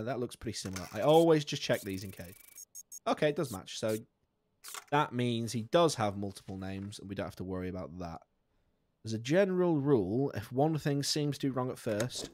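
A man's voice: darkish tone, slight background noise. Sweary, jokey man streaming. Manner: jokey and sweary, laughing often, with sudden high squeaks of outrage. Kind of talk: live gameplay commentary.

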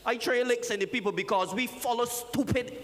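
A man, a pastor preaching a lively, joking sermon and calling out to his congregation. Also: very high-pitched, fairly quick, slight background noise. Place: church sanctuary. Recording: reverberant church hall.

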